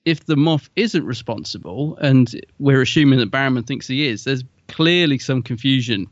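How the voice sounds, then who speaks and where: A man co-hosting a podcast, musing aloud in an animated, chatty way. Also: mid-range voice, moderate pace, no echo, dull audio. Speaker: podcast co-host. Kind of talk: casual podcast chat.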